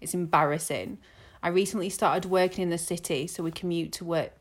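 A woman's voice: on the low side, fairly even intonation, brisk. A woman from Malta co-hosting a podcast, laughing along and reading out a listener's letter in casual, swearing chat. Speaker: podcast co-host.

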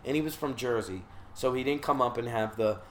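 A man's voice: medium pitch, fairly quick, fairly bright tone, a little hiss or hum. A man from Charleston, South Carolina, casually telling a long story about his time in rehab. He swears freely and slips into voices for the people he quotes. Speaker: guest recounting his rehab stay.

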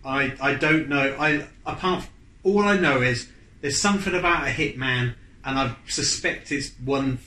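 A man chatting casually on a podcast, his thoughts coming out halting and rambling, full of restarts and fillers. His voice sits at an ordinary middle pitch. The room around him rings with noticeable echo. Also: pushed and bright. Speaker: podcast co-host. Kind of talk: casual chat. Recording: echoey room.

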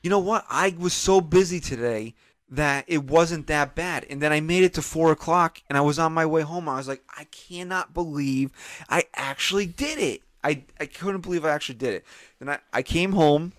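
A man's voice: fairly high pitch, a little fast, no echo, studio quality. A man co-hosting a podcast, rambling through a story in casual chat and acting out the voices he quotes. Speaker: podcast co-host.

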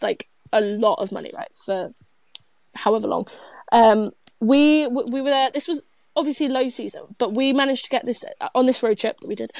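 A woman's voice: on the high side, vocal fry, no echo. A young British woman co-hosting a podcast, chatty and giggly, full of fillers like "like". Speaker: podcast co-host. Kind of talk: casual podcast chat.

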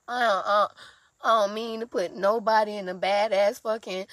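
A woman's voice: medium pitch, fairly even intonation, normal speed, no room sound. A woman in an emotional confessional vlog, exhausted and sleepless, talking in raw, profane outpourings. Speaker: vlogger.

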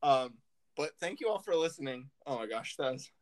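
A man's voice: medium pitch, expressive, brisk. Young podcast host guy, giggly storyteller, kinda far from the mic. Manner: giggly storytelling, frequent laughter. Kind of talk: casual chat.

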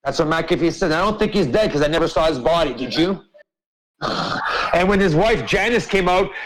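A man's voice: a little high, lively intonation, moderate pace, low-quality recording. A man hosting an open-mic group chat, ranting emphatically and swearing a lot. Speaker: host.

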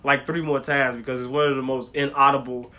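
A man's voice: mid-range voice, brisk. A man co-hosting a casual podcast, telling stories with lots of profanity and acting out people he talks about. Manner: animated storytelling with impressions, profane. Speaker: podcast co-host.

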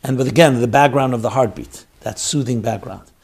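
A man giving a sermon, swinging between loud exhortation and quiet storytelling. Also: mid-range voice, a little fast.

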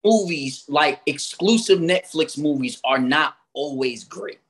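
A man's voice: on the high side, animated, measured pace, fairly bright tone. A man co-hosting a podcast, blunt and skeptical, swearing casually in a debate. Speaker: podcast co-host.

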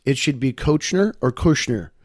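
A man's voice: medium pitch, expressive, moderate pace, dry recording, clean studio sound. A middle-aged man from Missouri, a guest on a podcast, telling family stories in a chatty, self-deprecating way. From Missouri, USA. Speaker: guest, actor. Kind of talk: casual conversation.

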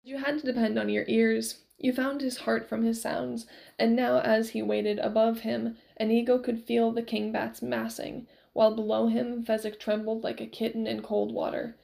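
A woman reading a novel aloud with expressive storytelling. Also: a little high, moderate pace, gravelly, rough recording. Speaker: reader.

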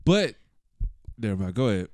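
A man's voice: fairly low pitch, normal speed, no room sound, studio quality. A young man from Georgia, co-hosting a podcast in casual, laughing chat. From Georgia, USA. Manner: animated, laughing, talks over his co-host. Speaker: podcast co-host.

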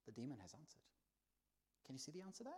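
A man preaching a sermon in a church, telling the story with lively swings between soft, hushed lines and loud exclaims. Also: mid-range voice, fast. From not from the country where he preaches.

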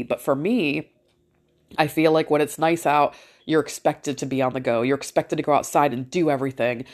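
A woman's voice: deep voice, a little mellow. A woman hosting a casual podcast, rambling and chatty, swearing freely and laughing often. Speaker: podcast host. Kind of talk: casual chat.

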